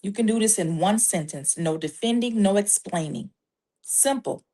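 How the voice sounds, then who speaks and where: A woman speaking as a Christian life coach, giving faith-based parenting advice in a measured, emphatic way and laying out numbered steps backed by scripture. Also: medium pitch, mellow.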